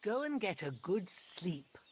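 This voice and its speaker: Patient village herbalist in a game, relaxed slow delivery, lots of pitch movement. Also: slight background noise. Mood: calm. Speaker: game character teaching potion brewing. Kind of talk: video game dialogue.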